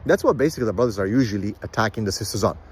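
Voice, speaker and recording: A man giving a blunt, lecturing monologue as a counselor and commentator, sometimes mocking others in a higher voice. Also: animated, racing, husky. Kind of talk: opinionated monologue.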